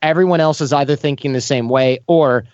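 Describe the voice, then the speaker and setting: Animated man telling stories in an interview. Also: mid-range voice, a little fast, no room sound, highs cut off. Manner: animated, acts out quoted voices. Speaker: podcast host as guest. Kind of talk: casual storytelling interview.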